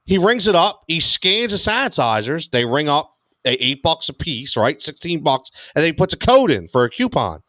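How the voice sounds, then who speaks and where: An American man co-hosting a casual podcast, telling stories in an animated, exasperated way. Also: on the high side, normal speed, no echo. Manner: animated storyteller, exasperated rants. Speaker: podcast co-host. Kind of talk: casual sports podcast chat.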